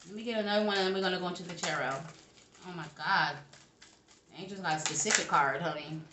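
A woman's voice: fairly low pitch, fast talker, roomy sound, background noise. A woman giving a casual tarot reading to camera, brash and profane, talking back to her spirits as she goes. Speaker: tarot reader.

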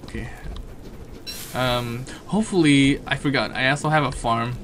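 A man doing let's play commentary, excitable and swearing at enemies, then thinking aloud about his plans. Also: mid-range voice, moderate pace, slight background noise. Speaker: gaming commentator.

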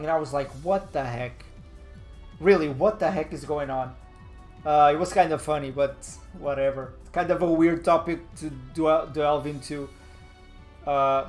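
A young man chatting casually on a live stream, rambling and laid-back, still a little nasal from a cold. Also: fairly high pitch. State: slightly nasal from a fading cold.

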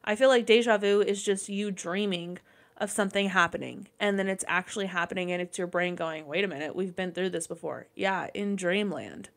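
A woman's voice: lowish voice, creaky. A young woman hosting a podcast, telling a personal story in a casual, rambling way, full of swearing and acted-out reactions. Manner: profane, rambling, animated retelling. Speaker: podcast host. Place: dark room at home.

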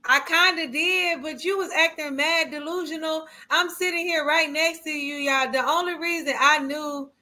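Female co-host, high bright voice, playful teasing delivery. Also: steady tone, moderate pace, few pauses. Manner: teasing, laughing, slangy storytelling. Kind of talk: casual livestream chat.

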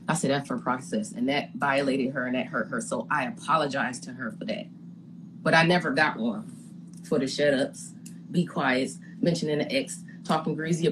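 A woman retelling a story in a casual live-stream chat, animated and indignant, often stammering and repeating words as she builds her point. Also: deep voice, background noise. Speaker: reality TV guest recounting her experience.

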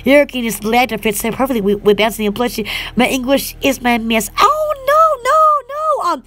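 A woman's voice: fairly high pitch, fairly even intonation, a little fast. A woman hosting a casual livestream chat, rambling and giggly with lots of fillers and folksy rural slang. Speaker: channel host and small shop owner.

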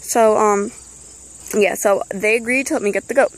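A woman's voice: medium pitch, steady tone, moderate pace, rough recording. A teenage girl chatting casually outdoors beside an animal pen, rambling with frequent ums. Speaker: vlogger. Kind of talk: casual chat.

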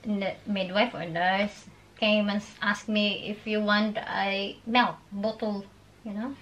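A woman, telling a personal story in a casual, animated way with laughs and halting phrases. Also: mid-range voice, highs cut off. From Philippines. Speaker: vlogger.

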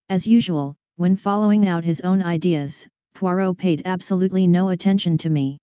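A woman reading a detective story aloud in a measured, even storytelling manner, in a dull lo-fi recording. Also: on the low side, dry recording. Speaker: audiobook reader. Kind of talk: scripted narration of a detective story.

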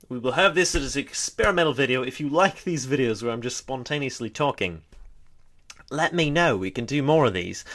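Rambling young man, low voice. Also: a bit bright. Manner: chatty, self-mocking, trails off into mutters. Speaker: vlogger. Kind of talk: unscripted rambling vlog.

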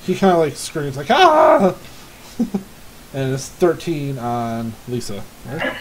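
A man running a tabletop game as game master, laughing often and filling pauses with "like" and "uh". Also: mid-range voice, darkish tone, slight background noise, poor audio. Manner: laughs often, many fillers.

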